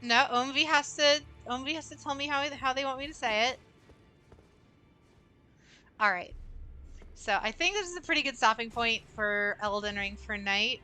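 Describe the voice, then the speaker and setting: A woman's voice: high-pitched, moderate pace, long pauses, pushed and bright, faint music behind. A young adult woman streaming a game, chatting casually with viewers in a rambling way full of fillers. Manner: chatty, rambling, talks to chat with many fillers. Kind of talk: casual gameplay livestream chat.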